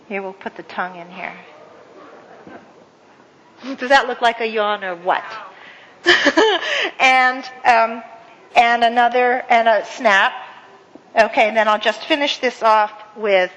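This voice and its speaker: A woman speaker leading an audience through a counting and clapping exercise, with many fillers and warm praise. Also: a little high, muffled recording. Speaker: guest speaker. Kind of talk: interactive workshop talk. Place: event hall with audience. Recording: echoey hall with faint ambience.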